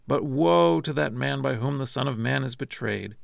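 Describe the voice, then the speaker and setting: Jesus, grave and measured, read by a man. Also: mid-range voice, creaky, no echo, clean studio sound. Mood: solemn. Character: calm grave male teacher, Jesus. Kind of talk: scripture reading.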